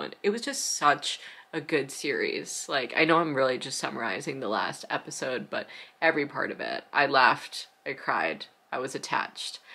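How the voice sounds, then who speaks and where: A young woman vlogging in a loose, chatty way, gushing and throwing in swears. Her voice sits low with a gravelly fry, yet its tone comes out bright and sharp. She sounds tired. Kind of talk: casual chat to camera.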